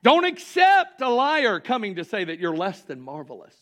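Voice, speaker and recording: Impassioned high-voiced male preacher. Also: huge pitch swings, moderate pace. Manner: impassioned preaching, swinging from loud exclamations to hushed lines. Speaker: pastor. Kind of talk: sermon. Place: church sanctuary.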